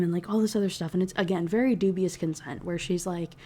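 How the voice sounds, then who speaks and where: Young woman, mellow voice, casual book-review rant, exasperated and sweary. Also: lowish voice, steady tone, quick pace, few pauses. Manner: exasperated, profane, heavy use of "like".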